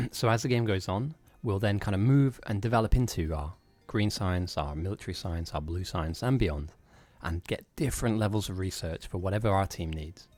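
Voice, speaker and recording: Lower-pitched man commentating a game. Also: moderate pace, few pauses, darkish tone, soft background music. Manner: explanatory, laughs often.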